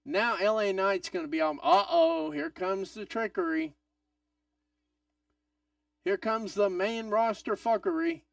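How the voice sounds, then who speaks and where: Excitable man hosting a live watch-along. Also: sits high, measured pace, creaky, long pauses, dry recording, distant mic. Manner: excitable, swings between loud outbursts and mutters, swears. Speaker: live stream host.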